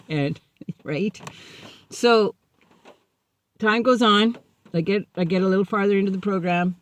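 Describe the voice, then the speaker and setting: A woman's voice: mid-range voice, measured pace, pauses often. A woman sharing a personal recovery story in a candid, self-mocking way, acting out remembered conversations. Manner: animated, acts out remembered dialogue.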